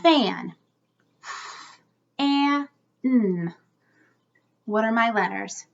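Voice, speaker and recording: A woman teaching young children a phonics lesson, sounding out words slowly and encouragingly. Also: high-pitched, animated, bright, forceful tone, highs cut off.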